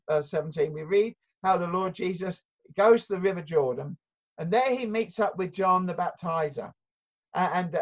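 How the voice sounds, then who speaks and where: Older guy preaching, earnest, stops and restarts a lot, kinda dull lo-fi sound. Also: high voice. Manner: earnest, halting with frequent restarts and rhetorical tags. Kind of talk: sermon.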